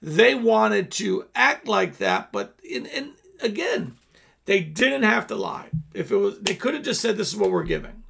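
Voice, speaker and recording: A man's voice: high-pitched, sing-song, unhurried, gravelly, fairly bright tone, breathy edge. A man hosting a Bible teaching show, reading scripture aloud and explaining it in a loose, conversational way with frequent restarts.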